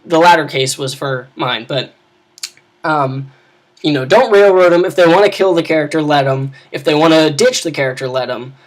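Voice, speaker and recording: Casual game-master talk: a man, slightly high-pitched, rambling and self-correcting. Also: normal speed. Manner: rambling, with many restarts and asides. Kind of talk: casual talk on running tabletop games.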